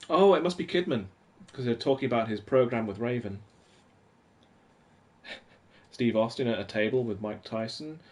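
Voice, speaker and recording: Rambling man chatting on a live stream. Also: medium pitch. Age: 40s. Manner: rambling, reads old magazines aloud and chats to viewers. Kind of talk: casual live-stream chat. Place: at home.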